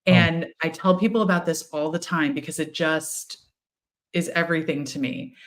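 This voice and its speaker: A woman co-hosting a casual spiritual chat, telling stories with lively, acted-out quotes. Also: sits low, moderate pace. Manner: animated storyteller, acts out quotes. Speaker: co-host, tarot reader.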